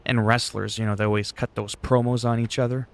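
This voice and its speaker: A man's voice: medium pitch, flat delivery, fairly quick, a little hiss or hum. Blunt man streaming. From Canada. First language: French. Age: 40s. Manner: blunt, profane, joking. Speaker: livestreaming gamer. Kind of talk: casual livestream chat.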